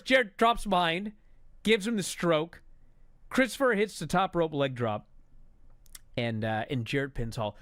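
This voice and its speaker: A man angrily recapping a wrestling show in a profane, exasperated rant that builds to shouting. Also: high-pitched, dry recording, clean studio sound.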